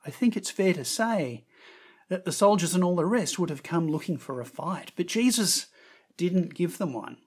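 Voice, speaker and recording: A man preaching a sermon, telling the story with expressive emphasis and lifting his voice on quoted words. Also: sits high, normal speed, breathy edge.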